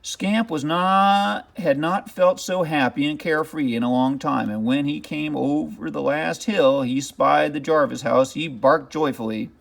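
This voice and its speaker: A man reading a children's picture book aloud as narrator, with expressive, dramatic storytelling. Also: on the high side, unhurried, vocal fry, hardly any pauses.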